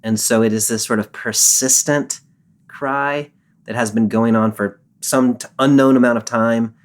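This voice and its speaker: A man co-hosting a podcast, explaining a psalm in a measured, patient way and quoting its verses. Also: mid-range voice, fairly even intonation. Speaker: podcast co-host and Bible scholar. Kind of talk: casual discussion.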